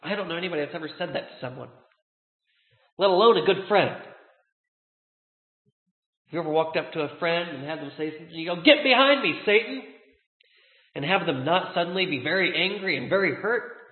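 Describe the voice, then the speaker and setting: A man preaching a sermon as a pastor, earnest, slowing down to stress key words. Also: fairly high pitch. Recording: tinny, echoey hall.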